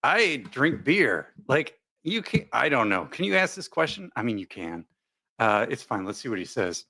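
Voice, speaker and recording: Lively, jokey male live-stream host. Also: medium pitch, normal speed, vocal fry. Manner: jokey, rambling, reads viewer comments aloud. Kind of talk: casual live commentary chat.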